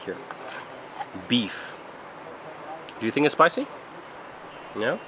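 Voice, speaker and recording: A man's voice: mid-range voice, huge pitch swings, slow, background noise. Chatty upbeat travel vlogger man. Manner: chatty, upbeat, loose self-corrections. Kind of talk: casual travel vlog.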